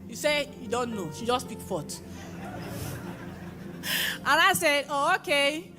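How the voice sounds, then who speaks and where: High-pitched young woman, emotional church testimony, bursts of excitement, music underneath. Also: normal speed, crowd noise. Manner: emotional, often rising to excited exclamations. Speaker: testifier at a prayer conference. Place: live church gathering. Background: music playing.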